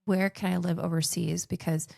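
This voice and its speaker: As a podcast guest, a Philippine-raised woman in her forties tells casual personal stories, restarting her sentences often. She speaks at a moderate pace in a lowish, gravelly, slightly mellow, level voice, recorded cleanly in a studio without room sound.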